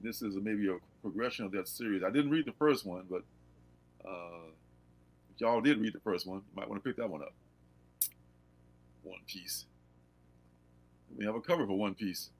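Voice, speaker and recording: A man hosting a casual comics livestream, animated and laughing, reading blurbs aloud. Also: on the low side, moderate pace, pauses often. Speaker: host.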